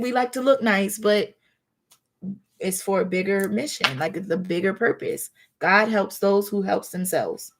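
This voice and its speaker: A woman, giving earnest, colloquial advice during a live tarot reading and acting out little scenes. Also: medium pitch. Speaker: tarot reader.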